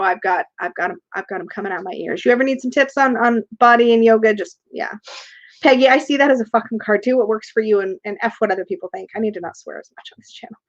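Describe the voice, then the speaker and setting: A woman hosting a casual tarot livestream, chatty, reading viewer comments aloud and laughing often. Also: fairly high pitch. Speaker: tarot reader and livestream host. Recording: dull lo-fi livestream audio.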